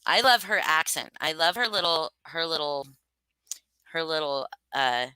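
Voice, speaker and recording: A woman's voice: sits low, expressive, unhurried, pushed and bright, smooth, no room sound. A woman hosting a casual livestream, chatting loosely with many fillers and restarts. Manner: rambling, filler-heavy, self-conscious. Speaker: livestream host reading stories.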